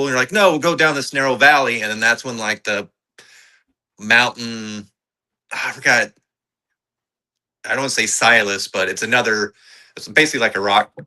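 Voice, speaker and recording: Chatty man with a sharp, bright voice. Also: fairly low pitch, low-quality recording. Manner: enthusiastic, chatty, quick agreeing interjections. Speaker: podcast co-host. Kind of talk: casual film review chat.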